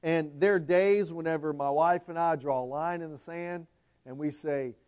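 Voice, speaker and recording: A man's voice: a little high, moderate pace, smooth. Impassioned man preaching a sermon. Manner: swings between hushed and loud, impassioned. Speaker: pastor.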